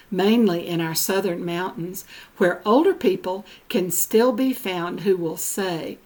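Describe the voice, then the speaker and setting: An older woman presenting genealogy notes, reading slowly and carefully, spelling out words letter by letter. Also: lowish voice, darkish tone.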